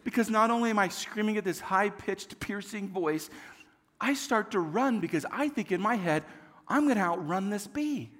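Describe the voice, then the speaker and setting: High-voiced man preaching with hall reverb. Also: moderate pace. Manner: animated storytelling with self-deprecating humor. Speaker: pastor. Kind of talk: sermon.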